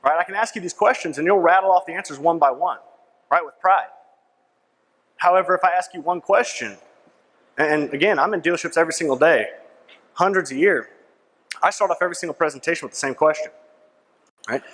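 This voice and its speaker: Man, young adult, conference speaker, persuasive, slightly high voice, long hall reverb. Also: brisk, pauses often, fairly bright tone. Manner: persuasive, keeps asking "right?"; punchy, repeats key lines. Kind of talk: sales conference presentation.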